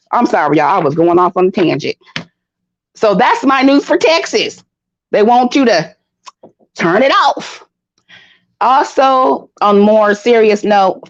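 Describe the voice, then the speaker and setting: A woman hosting a casual livestream from home, commenting on the news in a blunt, profane way with animated outbursts, talking straight to her viewers. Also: mid-range voice, gravelly, dry recording. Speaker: livestream host. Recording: dull lo-fi stream audio.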